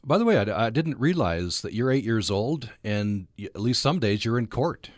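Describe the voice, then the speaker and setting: A man's voice: medium pitch, lively intonation, moderate pace, no room sound, studio quality. A man hosting a radio interview, hesitant and repeating words as he forms his questions. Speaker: radio host.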